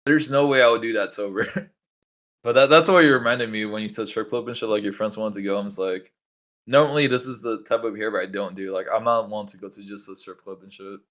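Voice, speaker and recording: A man's voice: fairly low pitch, a little fast, fairly bright tone. A young man chatting casually on a podcast, rambling with many fillers as he tells stories. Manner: rambling, lots of likes and bro. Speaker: podcast co-host. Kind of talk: casual chat.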